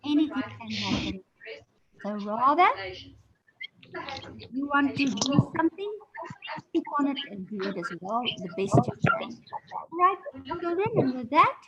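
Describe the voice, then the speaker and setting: A woman teacher reading a story aloud to her class, animated, acting out the parts. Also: sits high, measured pace, long pauses, muffled recording, very noisy. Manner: animated storyteller, gasps and acts out voices.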